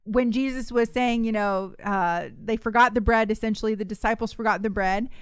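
A woman co-hosting a ministry livestream, preaching in a casual, emphatic way with slow stressed phrases. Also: fairly high pitch, fairly even intonation, clean tone, dry recording. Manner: emphatic, drawn-out exhortation with laughs.

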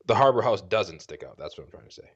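Here the Boston co-host sounds husky and expressive, his fairly low voice moving fast through a lo-fi recording. It's loose, joking podcast banter full of self-corrections and tangents.

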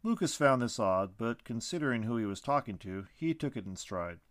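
Guy reading a story aloud, bouncy lively delivery, mid pitch, dry close mic. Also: fairly quick, no room sound. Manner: expressive, animated reading. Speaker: narrator. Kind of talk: storybook narration.

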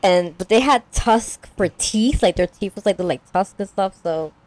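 A woman's voice: mid-range voice, normal speed, a little mellow, dry recording. A young woman casually recapping a story as a podcast co-host, rambling with lots of "like" and acting out characters.

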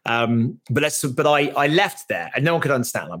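A man, a startup founder, talking as a podcast guest; animated, swears freely and acts out the voices in his stories. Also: medium pitch, very fast. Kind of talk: casual podcast storytelling.

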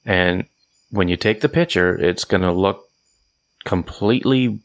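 A man co-hosts a podcast in casual chat, rambling with many fillers and restarts. He has a deep voice, speaks a little slowly, and there's no room sound.

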